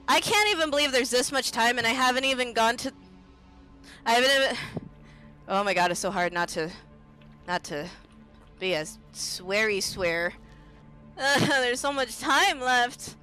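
A woman's voice: a little high, animated, a little slow, long pauses, bright, forceful tone, faint music behind. A woman streaming a game in casual chat, giggling often and swapping swears for silly stand-in words.

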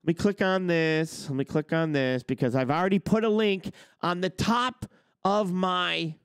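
This man's voice sits high, clear, and resonant at a normal speed, in a dry, studio-quality recording. He's ranting on a livestream as host of a trucking business show, arguing his points through rhetorical questions.

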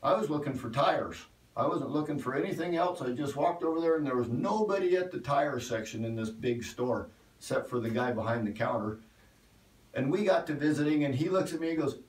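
A man's voice: mid-range voice, animated, fairly quick, distant mic. A man preaching a folksy online sermon, talking easily with cowboy turns of phrase. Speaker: pastor. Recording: echoey room, voice from off the mic.

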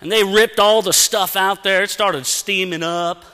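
Male preacher, lively storyteller, high bright tone, long hall echo. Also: measured pace. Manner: animated, acts out sounds and dialogue. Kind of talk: storytelling sermon. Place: church sanctuary. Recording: long church-hall reverb.

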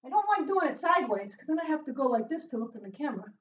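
A high-pitched woman leads a workout while doing it herself, out of breath and cheering her viewers on. She is recorded from a distance in a small closed room, so her voice sounds roomy and a little dull. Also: big pitch swings, very fast. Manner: upbeat, cheering with loud whoops, breathless between exercises. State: out of breath from exercising. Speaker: fitness instructor. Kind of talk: live workout coaching.

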